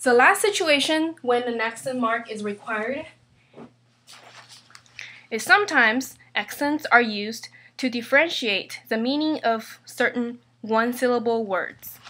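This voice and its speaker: A woman teaching a grammar lesson, slowly and carefully spelling out each example. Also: fairly high pitch, expressive, sharp tone. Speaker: Spanish teacher.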